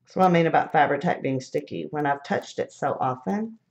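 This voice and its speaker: A woman's voice: deep voice, fairly quick, vocal fry, darkish tone, lo-fi sound. A middle-aged woman, chatting casually through a live craft demonstration, thinking aloud and laughing at her own mishaps.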